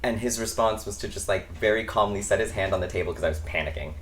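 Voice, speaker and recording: A man's voice: on the low side, fast talker, hardly any pauses, a little hiss or hum. A young man from the United States hosting a casual chat vlog from his bedroom, rambling through tangents with lots of ums. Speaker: host.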